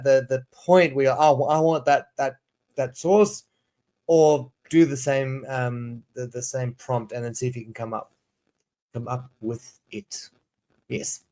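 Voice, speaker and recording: A man teaching English on a casual livestream, chatty and rambling, often restarting and repeating words. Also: a little high. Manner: drawn-out word drills. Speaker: ESL teacher.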